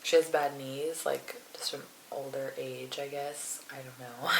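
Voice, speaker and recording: A woman's voice: extremely low pitch, level tone, unhurried, creaky, a bit bright. A woman vlogger chatting casually while eating on camera, rambling with lots of fillers, in a room at home. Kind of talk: casual mukbang chat. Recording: roomy echo, faint noise.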